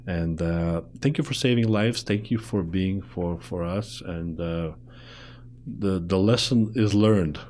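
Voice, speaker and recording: A man hosting a talk show, speaking English with a foreign accent in a chatty, animated way that jumps between topics. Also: sits low, slow. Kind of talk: casual interview chat.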